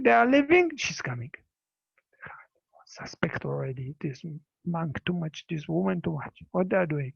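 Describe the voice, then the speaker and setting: A man, a Buddhist monk telling a teaching story in halting English with repeated words, over a dull video call. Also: high-pitched, creaky, slightly rough, no echo. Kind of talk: dharma talk storytelling.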